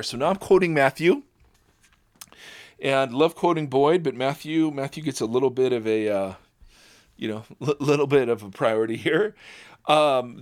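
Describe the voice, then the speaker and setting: Informal male Bible teacher, mid-pitched, reads scripture then chats through it. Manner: informal, many fillers and restarts, laughs at own slips. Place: at home, birds audible.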